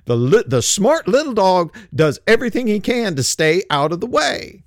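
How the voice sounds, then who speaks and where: An older male host delivers a sarcastic political commentary monologue, blunt and coarse. His voice sits high for a man and swings all over the place. The sound is dry and close, with no room echo. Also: sing-song, normal speed. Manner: mocking and sarcastic, laughs often; blunt, coarse street talk.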